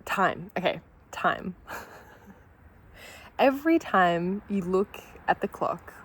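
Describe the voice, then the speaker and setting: A woman's voice: on the low side, lively intonation, slow pace, a little hiss or hum, rough recording. A woman chatting casually in a vlog at home over breakfast, candid and swearing freely, overwhelmed with emotion and laughing through near-tears. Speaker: vlogger. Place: at home during breakfast, with her dogs.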